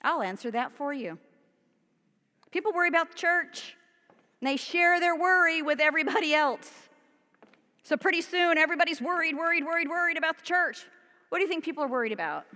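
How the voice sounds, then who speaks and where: A woman's voice: very high voice, lively intonation, brisk, pushed and bright. A woman pastor preaching a sermon in a conversational, emphatic way, asking her congregation questions. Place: church sanctuary. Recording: long church reverb.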